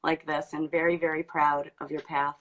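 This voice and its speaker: A woman medium giving a channeled reading, gentle and hesitant with pauses. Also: deep voice, level tone, lo-fi sound. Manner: hesitant, pausing with ums, gentle. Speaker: psychic medium. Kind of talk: live online channeling session.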